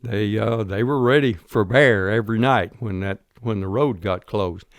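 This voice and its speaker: Older man with a low, dry voice. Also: moderate pace, clean tone, no echo. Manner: folksy, plainspoken storyteller. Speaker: guest veteran. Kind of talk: storytelling interview.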